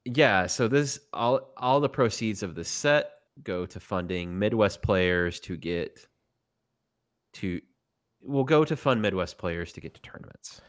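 A man's voice: lowish voice, lively intonation, a little slow. A man with a Tennessee Southern accent, a podcast guest chatting casually in a loose, emphatic way with the odd swear. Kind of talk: casual chat.

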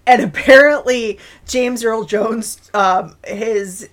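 A woman's voice: on the high side, takes it slowly. A woman co-hosting a podcast in casual chat, laughing often as she retells scenes. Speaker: podcast co-host.

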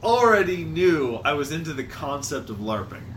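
A man's voice: a little high, big pitch swings, moderate pace, a bit bright, a little hiss or hum. A man co-hosting a podcast, joking around and laughing a lot. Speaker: podcast co-host. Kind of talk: casual podcast chat.

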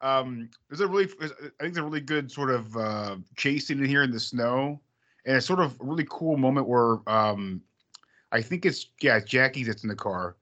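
A man in a relaxed podcast chat, talking through a film review at an average pitch. He rambles and swears casually, and the recording sounds a little dull and lo-fi. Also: normal speed. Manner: rambling, lots of fillers and swearing. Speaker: podcast co-host.

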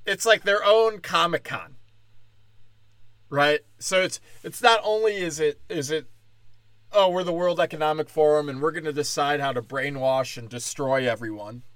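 A man's voice: fairly high pitch, a bit bright, dry recording. Sarcastic man ranting with a dry sound. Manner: sarcastic, rambling, profane. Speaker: comedian. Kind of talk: stand-up comedy rant.

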